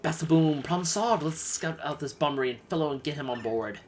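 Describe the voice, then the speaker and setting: A man's voice: fairly high pitch, brisk, noisy background, close to an everyday voice. A man voicing a pompous, flamboyant male trader who talks in a grand, theatrical way. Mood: grandiose. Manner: grandiose, dramatic, self-praising.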